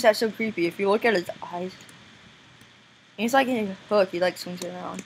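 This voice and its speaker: A young woman giving casual gameplay commentary, excitable and squealing now and then, often breaking into silly voices. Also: on the low side, a little fast, a little hiss or hum, poor audio. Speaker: gameplay video maker.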